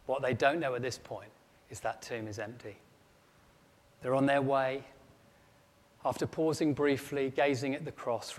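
A man preaching a storytelling sermon with dramatic rising emphasis. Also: mid-range voice. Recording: long echo of a large hall.

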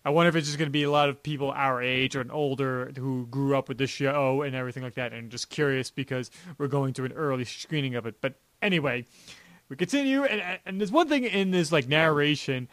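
A man's voice: medium pitch, a little fast, fairly bright tone, no echo. A young man from New York co-hosting a podcast, talking in a rambling casual way with lots of "like" and restarts. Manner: rambling, many restarts and "like" fillers. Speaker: podcast co-host. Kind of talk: casual chat.

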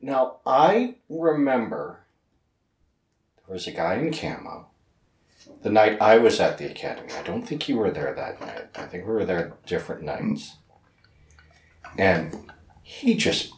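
Male co-host, very lively pitch, teasing reactive manner, roomy echo. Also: slight background noise. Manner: reactive, quick to laugh, teasing asides. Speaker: podcast co-host. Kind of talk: casual chat.

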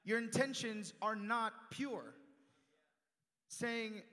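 A young man preaching a sermon in a church, animated, swinging from loud emphatic lines to hushed asides. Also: sits high, drawn-out words. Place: church sanctuary. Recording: long church reverb.

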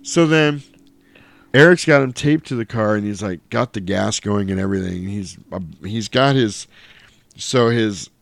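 A man casually recapping a movie in chat, animated and swearing, mimicking the characters' lines in high silly voices. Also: moderate pace, vocal fry, no echo. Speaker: podcast host recapping a film.

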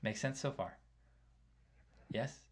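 A man gives a casual sermon in a conversational way, repeatedly asking "right?" to check in with listeners and going quieter for asides. His voice is mid-range and his pace slow.

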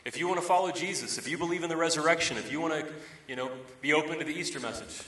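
A man's voice: a little high, racing, fairly bright tone. A man in his thirties preaching a sermon, telling everyday stories in a conversational way and driving points home with emphatic repetition. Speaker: pastor. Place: church sanctuary. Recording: roomy, distant from the mic.

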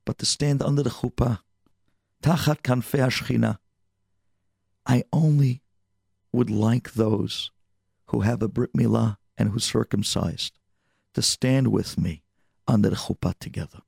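The figure is an earnest young groom, sincere and gently pleading, voiced by a man telling the story. The voice sits slightly low and carries a husky, gravelly grain. It is recorded dry and close. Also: unhurried, long pauses, no echo, heavily acted.

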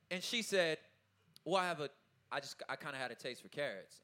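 A man in his thirties giving a casual, animated talk to an audience, often checking in with his listeners and laughing as he goes. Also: fairly high pitch, a little fast, a little hiss or hum. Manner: loose, informal phrasing with laughs. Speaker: artist speaking at a talkback.

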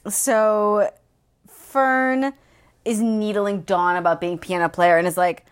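A woman's voice: fairly low pitch, steady tone, unhurried. A woman co-hosting a casual podcast about a book, swearing freely and acting out the characters' lines. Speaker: podcast co-host. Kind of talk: casual book-club chat.

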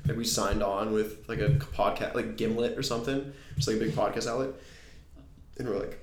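A man co-hosting a podcast in casual chat, rambling and halting with lots of fillers and restarts. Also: fairly low pitch, steady tone, echoey room. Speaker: podcast co-host.

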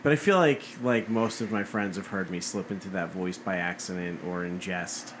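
A man's voice: low-pitched, moderate pace, noisy background. A man co-hosting a podcast, rambling casually and swearing a lot as he tells a story. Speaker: podcast co-host. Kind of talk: casual chat.

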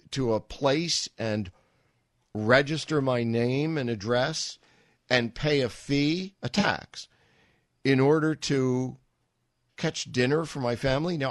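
A man's voice: mid-range voice, no room sound. A middle-aged man hosting a talk radio show, telling a rambling story with wry asides into a studio microphone.

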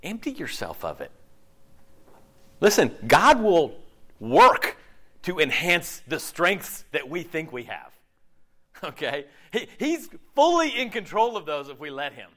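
Male pastor, sermon, casual and jokey, high voice that swings widely. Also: normal speed. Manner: animated, casual and joking, slangy.

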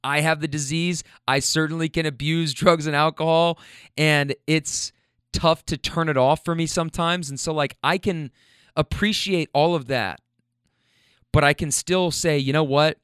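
A man's voice: a little high, steady tone, measured pace, fairly bright tone, clean tone, no echo, clean studio sound. A man, a rideshare driver, telling a story in a blunt, profane, rambling way. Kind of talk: casual storytelling.

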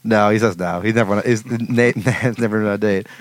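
A man hosting a podcast in casual chat, playful and quick with follow-up questions. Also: on the low side, fairly even intonation, no echo. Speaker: podcast host.

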